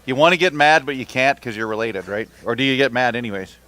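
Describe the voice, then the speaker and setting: A man at mid pitch runs a fishing tournament weigh-in. He calls out weights and banters with the anglers in a joking, upbeat way. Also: fast talker, pushed and bright. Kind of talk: live announcing and bantering with anglers.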